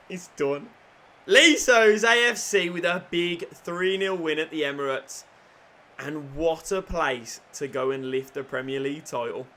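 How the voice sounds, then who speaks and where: A young man talks over his football video game. His voice is bright and sits a little high. He drops to hushed asides, then bursts into loud celebrating. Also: a little slow. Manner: swings from hushed muttering to yelling celebrations. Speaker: gaming YouTuber. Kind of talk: excited gameplay commentary.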